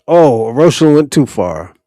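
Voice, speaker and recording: A man's voice: medium pitch, big pitch swings, measured pace, warm tone, no echo, clean studio sound. A man hosting a livestream, talking bluntly and profanely straight to his chatters. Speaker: livestream host answering chat. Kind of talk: casual ranting commentary.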